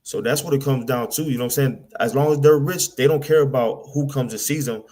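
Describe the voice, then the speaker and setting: A man's voice: medium pitch, a little fast, a little mellow. A man preaching bluntly in a casual rant, often repeating and stumbling over words. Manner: blunt, repetitive, slangy, mimics people in asides. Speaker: street preacher.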